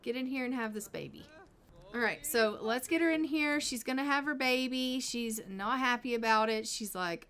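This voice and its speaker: A woman's voice: a little high, animated, moderate pace, a bit bright, clear, resonant tone. A woman casually commenting on her life-sim gameplay, chatting to her characters as she plays. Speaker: gameplay streamer.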